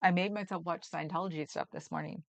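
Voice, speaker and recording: A woman's voice: fairly low pitch, steady tone, fast, creaky. A woman hosting a livestream, chatting casually and rambling with frequent laughs. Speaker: livestream host. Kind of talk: casual chat reading comments.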